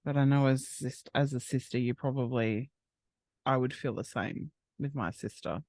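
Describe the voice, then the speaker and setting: A man hosting a true crime interview, asking questions and reassuring his guest in a gentle way. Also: medium pitch, fairly even intonation, moderate pace, dry recording.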